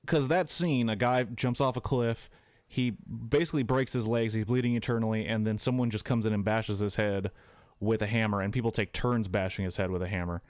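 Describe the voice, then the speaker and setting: A man streaming a game while retelling a film in a casual, excitable way, swearing often and with plenty of fillers. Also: fairly low pitch, fairly quick, no echo, clean studio sound. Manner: excitable, profane storytelling with many fillers.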